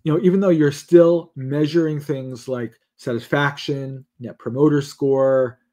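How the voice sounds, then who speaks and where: A man hosting a business podcast, talking in an animated way and poking fun at stiff survey wording. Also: fairly high pitch, measured pace. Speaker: podcast host.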